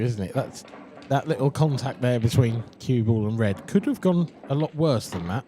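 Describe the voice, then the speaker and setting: A man's voice: medium pitch, lively intonation, normal speed, hardly any pauses, dark tone. A man co-commentating on a live pool match, explaining shots and positional play in an analytical way.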